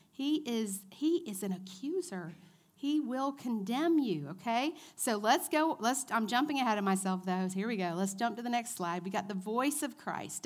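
A woman in her forties giving a church teaching talk to a women's group, chatty and animated, asking her audience questions. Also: fairly high pitch. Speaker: women's ministry speaker.

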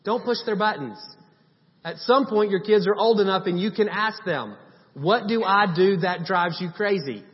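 A man's voice: high voice, normal speed. Man preaching in a reverberant hall. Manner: conversational preaching with emphatic repetition. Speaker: pastor. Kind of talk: sermon. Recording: long hall reverb, dull sound.

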